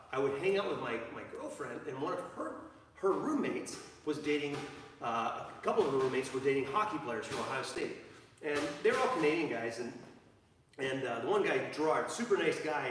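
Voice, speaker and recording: A man's voice: medium pitch, fairly bright tone, slight background noise. A man teaching a jiu-jitsu class live, rambling with many fillers and restarts, recorded in an echoey training gym from a distance. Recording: echoey hall, from far off.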